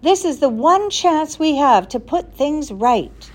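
A woman voicing an eager, excitable boy who talks in a pleading, urgent way. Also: high voice, slow pace, pitched above the performer's own voice, exaggerated voice.

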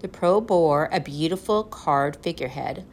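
A woman reading a children's storybook aloud in a lively, expressive way. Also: deep voice, moderate pace. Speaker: narrator.

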